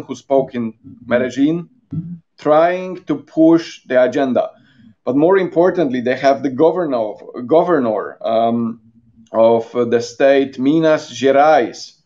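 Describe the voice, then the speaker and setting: Halting man on a call. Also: mid-range voice, a little mellow, highs cut off. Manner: halting, with frequent restarts and fillers; earnest and emphatic. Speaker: interview guest, organization president. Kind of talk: live online interview.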